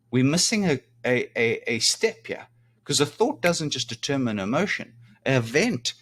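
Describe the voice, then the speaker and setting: A man's voice: medium pitch, a bit bright. A middle-aged man giving a self-help talk in a casual way, often asking "right?" to check in with his listener. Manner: conversational, rhetorical "right?" asides. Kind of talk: video talk.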